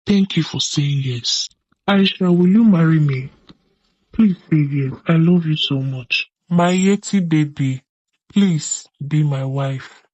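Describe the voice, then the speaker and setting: A man's voice: fairly high pitch, slow pace, darkish tone, no echo, dull audio. A man playing a sweet-talking young con man who pleads and whines for money in a comedy skit. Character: smooth-talking young male con man and serial fiancé.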